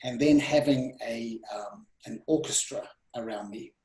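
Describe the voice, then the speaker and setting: Guy on a podcast telling his own stories, lively ups and downs, kinda echoey room. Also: mid-range voice, unhurried. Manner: animated, voice rising and dropping sharply. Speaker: podcast guest, presenting mentor. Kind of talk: casual storytelling interview.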